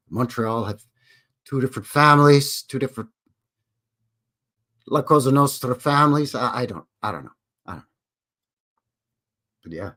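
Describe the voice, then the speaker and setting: A man's voice: mid-range voice, fairly bright tone. A man with a Canadian accent hosting a casual live stream, chatty and jokey with plenty of self-deprecating asides.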